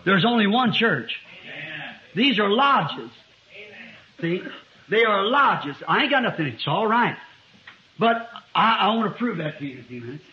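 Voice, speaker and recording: High-voiced preacher on an old muffled tape. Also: male voice, very animated, unhurried, long pauses. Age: 50s. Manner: rises to loud emphatic preaching, drops to quiet asides. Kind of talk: sermon. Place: church before a congregation. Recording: muffled lo-fi 1960s sermon tape.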